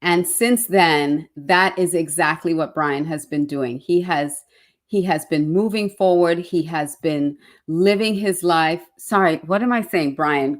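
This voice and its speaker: A woman's voice: lowish voice, a little slow. A woman hosting an online interview show, effusive and fumbling over her words, with many fillers. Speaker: show host.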